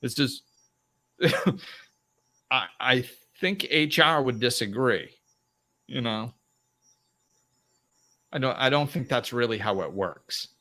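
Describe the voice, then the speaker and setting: A middle-aged man hosts a live self-help talk in a lively voice that swings widely up and down. His tone is bright and forceful, and he often laughs while acting out both sides of a quarrel. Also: mid-range voice, slow, pauses often. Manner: animated, acts out arguments in raised voices, laughs often. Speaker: host.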